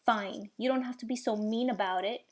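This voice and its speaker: A woman voicing a whiny little male bear who copies his sister, high and loud. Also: moderate pace, natural voice. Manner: whiny, echoing.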